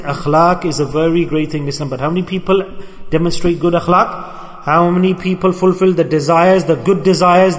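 A man preaching a sermon, animated and lively, acting out the people he quotes and mixing religious terms into his talk. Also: high-pitched, big-room sound. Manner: animated, acts out quoted people, mixes Arabic and Urdu terms.

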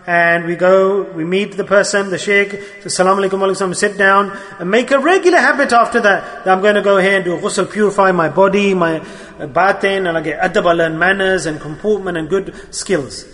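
A man's voice: sits high, fairly quick, fairly bright tone, long reverb tail. A man preaching a sermon in a mosque, earnest and exhorting, mixing Arabic and Urdu religious terms into his talk.

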